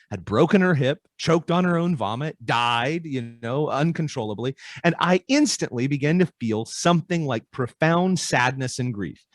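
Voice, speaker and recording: A man's voice: medium pitch, no room sound. A man speaking as a podcast guest, explaining ideas in a conversational way and acting out little dialogues with changing voices.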